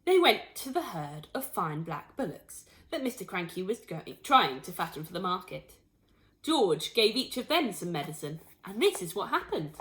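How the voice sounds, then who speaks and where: A woman teacher reading a storybook aloud to children, expressive and pointing out the pictures as she goes. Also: fairly low pitch, normal speed. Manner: expressive, shows pictures to listeners.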